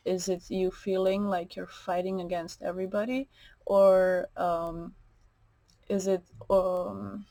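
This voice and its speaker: A woman's voice: medium pitch, little pitch movement, slow pace, creaky, warm tone, dry recording, poor audio. A woman giving a tarot card reading, slightly nasal, meandering, with many fillers and restarts. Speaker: tarot reader.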